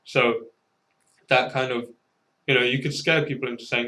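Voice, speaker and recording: A man's voice: medium pitch, little pitch movement, moderate pace, long pauses, pushed and bright, low-quality recording. Rambling man in casual group talk. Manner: rambling, hesitant, acts out quotes. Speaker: discussion participant.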